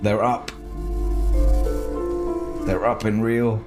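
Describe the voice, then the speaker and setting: A man's voice: lowish voice, steady tone, extremely slow. A man streaming a video game, chatting casually and playfully, often rambling and stopping himself mid-thought. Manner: playful, rambling and self-interrupting. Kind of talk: casual live-stream commentary. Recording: faint game music behind.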